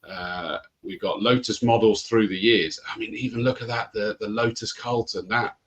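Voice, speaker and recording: Male motorsport host, lowish voice, upbeat casual chat. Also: steady tone, moderate pace, a bit bright. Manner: enthusiastic, chatty.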